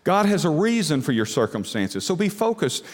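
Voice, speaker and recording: A man preaching a sermon, emphatic, with rhetorical questions and sudden drops to a hushed low voice. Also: very animated, moderate pace, long reverb tail. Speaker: pastor.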